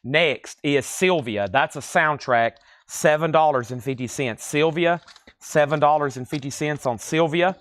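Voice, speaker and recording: A man with a lilting Tennessee accent hosting a live-stream record sale, reading titles, conditions and prices in a steady, easy patter. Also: on the high side, measured pace, no echo. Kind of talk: live-stream auction selling.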